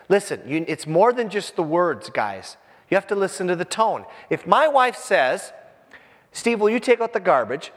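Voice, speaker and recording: A pastor in his fifties preaches to his church, joking and speaking straight to the people in the pews. His voice sits high for a man and swoops up and down all the time. The sound carries a long church-hall reverb. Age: 50s. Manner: animated, jokey, talks straight to the congregation. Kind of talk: sermon. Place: church with a congregation.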